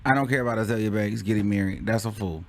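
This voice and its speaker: A man's voice: on the low side, fast. A man hosting a casual commentary show, laughing often and acting out scenes dramatically. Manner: laughing, animated, dramatic reenactments. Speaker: host.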